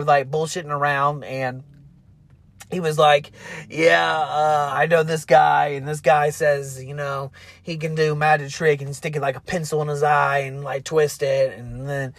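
A young man excitedly recapping a favorite film in a loose, rambling way, stumbling over restarts and fillers and cursing casually. His voice sits a little high. The sound is dry and close. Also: no room sound. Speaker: movie fan retelling a film.

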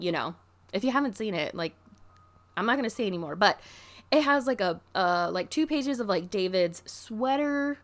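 A woman vlogger chats casually and tells a story to her camera, with lots of "like" fillers. Her talk is excitable and gushing, and her pitch sits in an ordinary middle range. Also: moderate pace. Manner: chatty, filler-heavy with constant "like".

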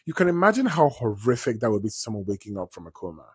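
A man's voice: on the low side, big pitch swings, quick pace, slightly rough, no room sound, studio quality. A man talking casually as a vlogger, retelling a story in a chatty, digressive way and swearing freely.

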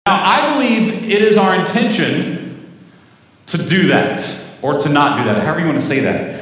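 Pastor preaching in an echoey church hall. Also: male voice, sits high, animated, moderate pace, fairly bright tone, distant mic. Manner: conversational, storytelling with asides to the congregation. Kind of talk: sermon.

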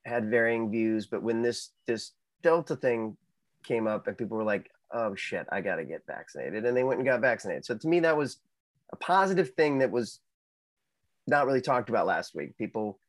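A man's voice: mid-range voice, animated, normal speed, no echo, rough recording. Easygoing man, dry close sound. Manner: easygoing, filler-heavy, laughs easily. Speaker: podcast co-host. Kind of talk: casual chat.

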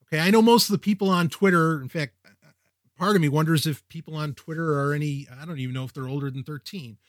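Male podcast host, middle-aged, high-pitched, quick-witted, rambling, self-interrupting, close mic. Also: no room sound. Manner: energetic, wisecracking, self-interrupting. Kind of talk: casual tech podcast monologue.

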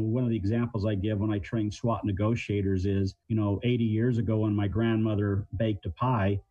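A middle-aged man with a low, warm, dark voice explains communication plainly, using everyday examples. He talks like an interview guest who trains negotiators. The sound is muffled and lo-fi, as if over a remote line. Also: no echo. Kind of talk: interview answers.

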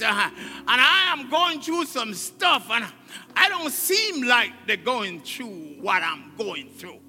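A man's voice: extremely high pitch, big pitch swings, slow pace, bright, forceful tone. A male pastor preaching a sermon with exclamations, laughter and call-and-response, in a church sanctuary. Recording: long hall reverb, faint music.

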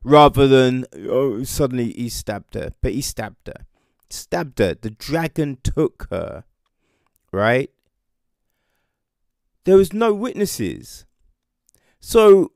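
A man's voice: mid-range voice, very animated, slow pace, vocal fry, pauses often, a little mellow, no echo, clean studio sound. A man with a British accent giving a casual, sarcastic rant about a TV show, swearing freely. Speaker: TV show reviewer. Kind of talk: casual ranting commentary.

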